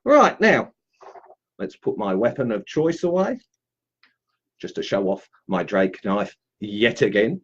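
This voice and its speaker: A man's voice: fairly low pitch, big pitch swings, slow pace, long pauses, a bit bright, dull audio. A man demonstrating woodcarving on a live stream, chatting casually and greeting viewers as he works. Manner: chatty and upbeat, greets viewers while carving.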